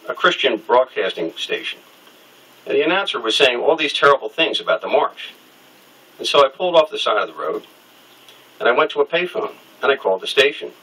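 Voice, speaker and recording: A man's voice: mid-range voice, sharp tone, husky, far from the mic, low-quality recording. A middle-aged man telling a personal story in an interview, candid and wry, acting out the people he quotes.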